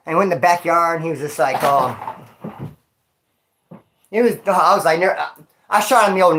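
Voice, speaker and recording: A man's voice: on the high side, moderate pace, pauses often, a bit bright. Man, casual storytelling vlog, street slang, winded, phone mic. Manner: slangy street talk, calls listener dog and homie. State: winded after exercise. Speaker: vlogger.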